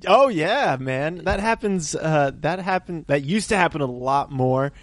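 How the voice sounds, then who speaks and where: A man on his podcast talks in a relaxed, rambling way, full of small fillers. His voice sits a little above average pitch. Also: measured pace, dry recording. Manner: relaxed, filler-heavy, does the show plugs. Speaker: podcast co-host, magician. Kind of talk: casual chat.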